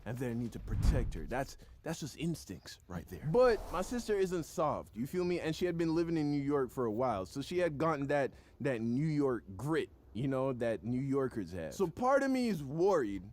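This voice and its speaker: A young man telling a personal story on his video channel, slangy and expressive, dropping quiet then getting loud. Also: medium pitch, normal speed, hardly any pauses, slight background noise. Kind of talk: animated storytime vlog.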